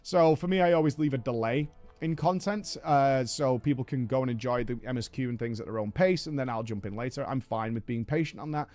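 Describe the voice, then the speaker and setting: A man's voice: medium pitch, fairly quick, darkish tone, soft background music. A man casually reporting on a game press event, chatty and hedging, with frequent fillers. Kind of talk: casual video commentary.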